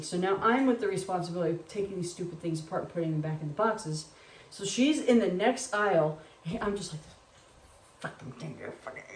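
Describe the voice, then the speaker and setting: A young woman telling stories from her life in a lively, casual way, acting out the people she quotes and swearing freely. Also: medium pitch, recorded from a distance, a little hiss or hum. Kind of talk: casual storytelling. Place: home kitchen. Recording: echoey room.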